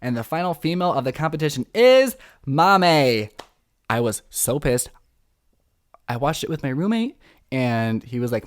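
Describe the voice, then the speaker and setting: An excitable young man hosts a casual podcast recap of reality TV. He talks fast and throws himself into the drama. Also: medium pitch. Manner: excitable, dramatic, acts out quotes. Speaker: podcast host.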